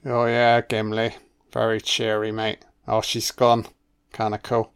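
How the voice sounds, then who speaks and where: A man talks through a film at an unhurried pace, his voice smooth and clear. He drops in relaxed, profane asides of admiration as scenes play. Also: lowish voice. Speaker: film commentator. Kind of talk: casual film commentary.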